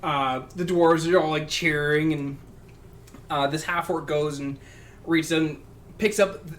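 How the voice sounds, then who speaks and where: A man narrates a tabletop game as its game master, his voice sitting a little high for a man. He talks in halting bursts padded with fillers and restarts. A faint hiss runs under the recording. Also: fairly even intonation, fairly bright tone. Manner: halting, filler-heavy description. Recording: faint background noise.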